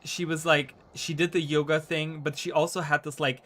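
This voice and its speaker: A man's voice: fairly high pitch, little pitch movement, moderate pace, fairly bright tone. A man streaming from his home room and chatting casually to viewers. He rambles, stacks up fillers and often checks in with "right?".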